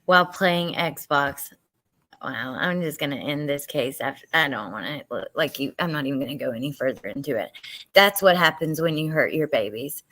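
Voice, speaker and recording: A woman's voice: deep voice, lively intonation, normal speed, rough recording. Chatty woman livestreaming true crime. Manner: chatty and warm toward viewers, laughs often. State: emotional, near tears. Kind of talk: casual livestream chat reacting to news and viewer comments.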